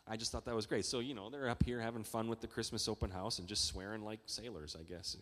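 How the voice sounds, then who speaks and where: A man preaching a sermon as pastor, talking in a conversational way that builds to excited emphasis. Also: on the low side, quick pace, hardly any pauses. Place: church hall. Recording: long reverb of a large church hall.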